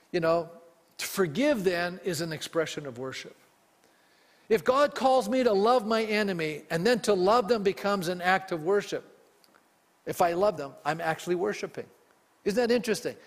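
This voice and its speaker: A pastor preaching a sermon with emphasis and frequent questions put to the congregation. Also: male voice, high voice, in a large hall.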